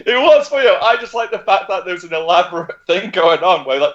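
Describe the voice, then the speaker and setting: A man in his thirties tells stories animatedly on a gaming livestream, his voice sitting a little high and swinging widely in pitch. He laughs often and swears freely. The audio is dull and lo-fi. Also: expressive, brisk, hardly any pauses, fairly bright tone. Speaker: livestream co-host. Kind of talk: casual gaming chat. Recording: muffled lo-fi audio.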